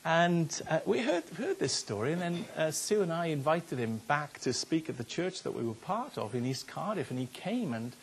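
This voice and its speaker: A man's voice: on the high side, sing-song, moderate pace, few pauses. An older man, a pastor preaching a sermon in an earnest, conversational way, often repeating his words. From Wales.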